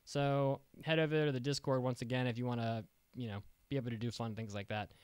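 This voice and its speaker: Upbeat male podcast host, smooth voice. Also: medium pitch, little pitch movement, fast, a little mellow, no echo. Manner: upbeat, joking, rambling with restarts. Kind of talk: casual podcast chat.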